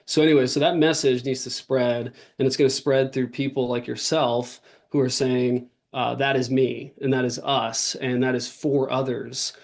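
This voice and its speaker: A man's voice: medium pitch, level tone, moderate pace, vocal fry, few pauses. Earnest man talking in long runs. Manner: earnest, talks in long runs with many fillers and restarts. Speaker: podcast guest, author and workshop leader. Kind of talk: casual interview talk.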